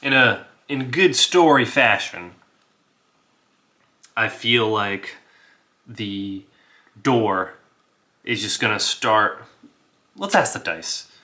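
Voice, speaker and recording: Casting: relaxed solo-game narrator, male, unhurried and easygoing. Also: fairly low pitch, slight background noise. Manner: relaxed, laughs, talks to himself about rolls. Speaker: game master and player.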